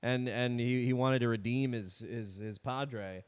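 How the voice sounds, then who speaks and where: A man's voice: mid-range voice, steady tone, unhurried, clear, resonant tone. A young man co-hosting a podcast in casual, jokey chat, riffing with his co-host. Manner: jokey, riffing, slips into silly put-on voices.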